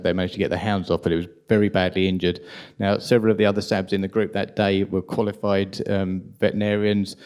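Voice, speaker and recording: A man with a strong London accent giving an impassioned, indignant conference talk at a rapid pace. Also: lowish voice, darkish tone. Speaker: conference speaker.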